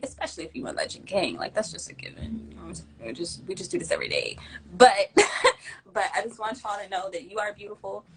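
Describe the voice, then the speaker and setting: A young woman hosting a casual livestream, giving emphatic, slangy shout-outs and thanks to her viewers. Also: medium pitch, a little hiss or hum, rough recording. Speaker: livestream host.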